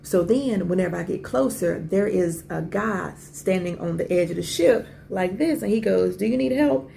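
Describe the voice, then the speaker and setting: A woman in her forties hosts a podcast and tells a personal story in casual conversation. Her voice sits low and strongly gravelly, with a dark, mellow tone. She talks with lively asides and keeps asking the listener questions. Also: moderate pace, slight background noise. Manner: animated, conversational, with many asides and rhetorical questions. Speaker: podcast host.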